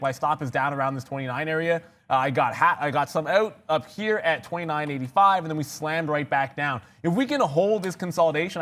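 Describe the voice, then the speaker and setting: A man on a trading show quickly recapping his trades in a dense rundown full of fillers. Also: a little high, a bit bright. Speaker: trader co-host.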